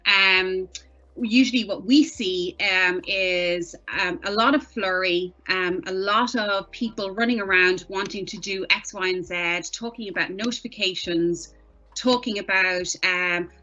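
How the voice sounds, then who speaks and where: A woman's voice: medium pitch, unhurried, sharp tone, lo-fi sound. A woman lawyer answering interview questions in a direct, conversational way. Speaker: guest, privacy lawyer.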